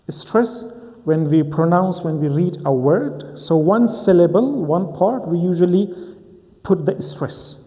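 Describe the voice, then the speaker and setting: A man's voice: high-pitched, mellow, in a large hall. A man teaching an English grammar lesson, methodically repeating key points and asking and answering his own questions.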